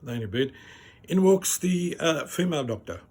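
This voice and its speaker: A man, telling stand-up stories in an animated way that climbs almost to shouting. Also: on the high side, moderate pace, husky. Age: 40s. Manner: animated, rising to near-shouting at the punchlines. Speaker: stand-up comedian. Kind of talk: stand-up storytelling.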